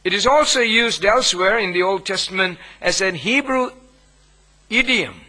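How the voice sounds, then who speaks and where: A man, preaching a sermon as pastor, with emphatic phrasing and long pauses between phrases. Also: sits high, pushed and bright, rough recording.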